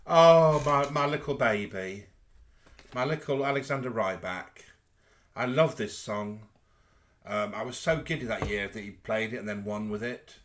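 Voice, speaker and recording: A man's voice: lowish voice, moderate pace, a bit bright. A man co-hosting a live chat show, gossipy and theatrical in casual talk.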